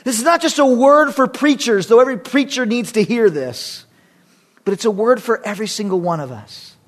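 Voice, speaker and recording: A man's voice: extremely high pitch, animated, moderate pace. A man pastor preaching a sermon, emphatic and repetitive, with humorous asides between his points. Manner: emphatic, repetitive, rising and dropping for effect.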